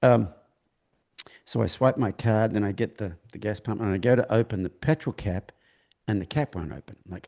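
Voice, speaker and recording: Man, interview guest, storytelling, gravelly, low-pitched, halting with restarts. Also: fairly even intonation, dark tone. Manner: halting, with many restarts, acting out quoted dialogue. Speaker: horse trainer, interview guest. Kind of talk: storytelling in a conversation.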